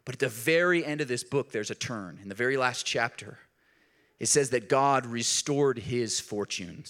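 A man preaching a sermon in a conversational, earnest way, dropping low and soft at key points and rising when he pleads. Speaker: pastor.

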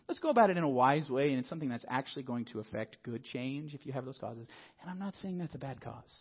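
A man preaching a sermon in a lively, conversational way, often asking the congregation questions. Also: mid-range voice, fast talker, creaky, slightly rough, muffled recording. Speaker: pastor.

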